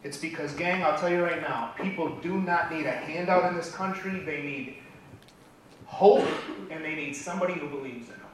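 A middle-aged man giving an impassioned motivational speech at a business event, building to near-shouting. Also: on the high side, normal speed. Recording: echoey hall from far off, faint noise.

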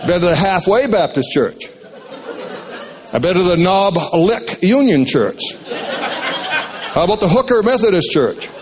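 An older man with a fairly high voice tells life stories in a folksy, joking way. He is a retired speaker from Maine, animated as he works through his anecdotes. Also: unhurried, long pauses, crowd noise. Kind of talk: motivational storytelling talk.

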